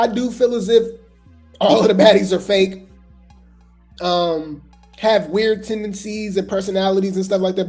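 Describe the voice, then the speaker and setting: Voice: medium pitch, darkish tone. A host giving casual gossip commentary, chatty and trailing off with repeated asides.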